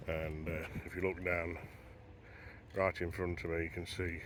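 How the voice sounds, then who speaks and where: A man's voice: low-pitched, little pitch movement, a little slow, a bit bright, a little hiss or hum. A man vlogging as he walks a beach at sunrise, chatting to camera and wondering aloud as he goes. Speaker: travel vlogger. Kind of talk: casual walking narration to camera. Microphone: handheld camera while walking.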